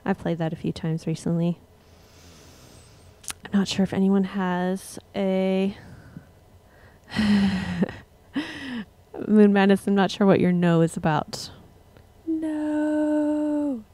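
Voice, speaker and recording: A young woman musician casually chatting with her livestream viewers between songs, relaxed and rambling. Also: medium pitch, slow, pauses often. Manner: relaxed, rambling, laughs at herself.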